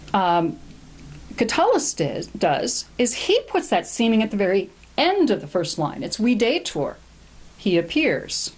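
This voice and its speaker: A woman's voice: medium pitch, darkish tone. Woman lecturer, thoughtful and explanatory, with fillers and self-corrections. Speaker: lecturer on classical poetry. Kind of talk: recorded lecture with Latin readings.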